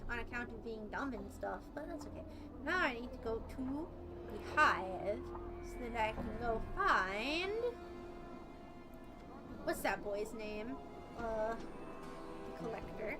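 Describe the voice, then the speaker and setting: A woman's voice: fairly high pitch, rough recording. A woman giving rambling, self-deprecating commentary as she plays a video game. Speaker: let's play streamer. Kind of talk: casual gameplay commentary. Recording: game music under the voice.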